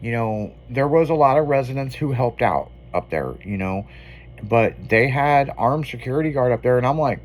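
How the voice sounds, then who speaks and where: A man's voice: medium pitch, animated, normal speed. A man hosting a radio show, telling a long story in casual, profanity-laden on-air banter.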